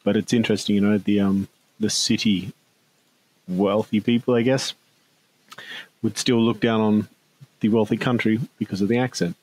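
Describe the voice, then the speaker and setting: A man's voice: fairly low pitch, little pitch movement, normal speed, pauses often, darkish tone, slight background noise, rough recording. An Australian man co-hosting a podcast, musing in casual discussion and trailing off with many fillers. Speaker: podcast co-host.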